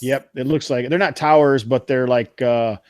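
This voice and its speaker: A man's voice: medium pitch, fairly even intonation, darkish tone, no echo. Hesitant male game master, dry sound. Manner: halting, searching for words with many fillers. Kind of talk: narrating a tabletop game.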